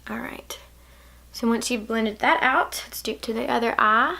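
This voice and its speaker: Chatty Southern woman, slightly high voice. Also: moderate pace, creaky. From Alabama, US. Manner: chatty, playful, drifts into soft asides. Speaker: beauty vlogger. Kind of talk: makeup tutorial, casual chat.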